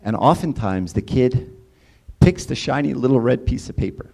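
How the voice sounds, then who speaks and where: Casual church speaker, a man with a mellow, dark voice who keeps tossing questions to the room. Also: medium pitch, animated, moderate pace, gravelly. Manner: casual, engages audience with questions and repeated "right?". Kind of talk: conversational sermon talk.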